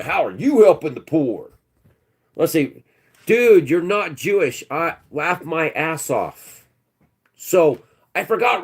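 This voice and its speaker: A man hosting his own channel, ranting and mocking a commenter in a scornful, profane way. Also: medium pitch. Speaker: channel host.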